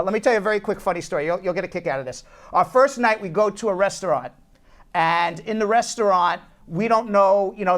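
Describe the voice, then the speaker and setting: A man hosting a casual talk show from a law office, telling stories animatedly and often repeating words as he restarts. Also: sits high. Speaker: host, immigration attorney.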